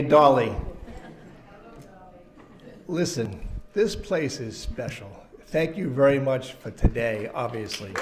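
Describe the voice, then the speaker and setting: A man's voice: a little high, echoey room. A man, an attorney and friend, paying a short tribute at a memorial and speaking directly to the hostess.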